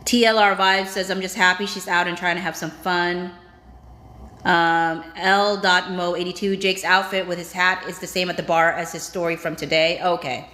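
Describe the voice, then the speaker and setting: A woman's voice: on the low side, little pitch movement, normal speed, bright, forceful tone, a little hiss or hum. A woman hosting a casual livestream, reading viewer comments aloud and reacting with chatty asides. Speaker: livestream host. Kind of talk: casual live-chat reading. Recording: roomy echo.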